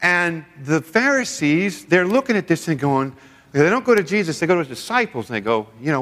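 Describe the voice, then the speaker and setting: A man's voice: fairly high pitch, brisk. A man preaching a sermon to a seminar audience, telling stories and acting out quoted voices. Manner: animated storytelling with acted-out quotes. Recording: long hall reverb.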